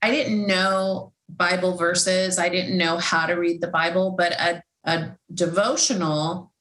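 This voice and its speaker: A woman's voice: on the low side, fairly even intonation, unhurried, fairly bright tone, reverberant, rough recording. A woman, an author, talking casually and heartfelt about faith, rambling with many fillers and restarts. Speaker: Christian author and podcast host.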